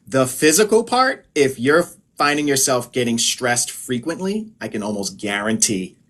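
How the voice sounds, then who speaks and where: A man from the United States, a holistic health practitioner, talking casually on a live stream. He explains in a relaxed way and leans on filler phrases. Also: mid-range voice, normal speed.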